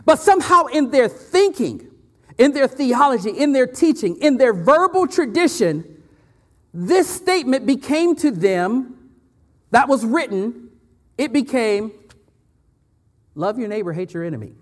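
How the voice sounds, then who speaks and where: A man preaching a lively sermon as pastor, repeating phrases and laughing often. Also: very high voice, a little slow. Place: church. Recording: church hall with long reverb.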